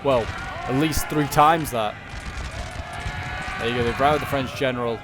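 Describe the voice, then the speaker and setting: A man giving relaxed, unscripted commentary on a strategy game battle, thinking aloud with frequent pauses. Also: medium pitch, background noise.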